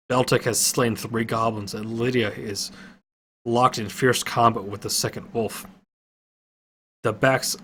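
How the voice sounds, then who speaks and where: A man's voice: lowish voice, a little hiss or hum. Man reading an adventure story aloud. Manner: steady reading with occasional slips and self-corrections.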